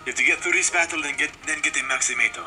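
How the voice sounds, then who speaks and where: A man's voice: fairly high pitch, rapid-fire, over music. A young man co-hosting a casual game video, teasing his friend with mock-arrogant banter.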